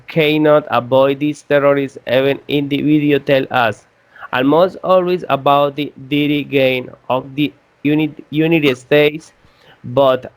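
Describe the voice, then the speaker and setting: A young man from Colombia in a class debate, speaking halting English with restarts. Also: medium pitch. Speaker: student debater.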